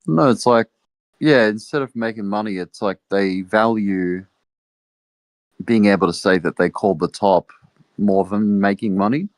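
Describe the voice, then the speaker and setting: A man's voice: fairly low pitch, normal speed, dry recording. A man in a casual podcast chat, speaking hesitantly with many fillers. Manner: hesitant, filler-heavy, mocking quotes.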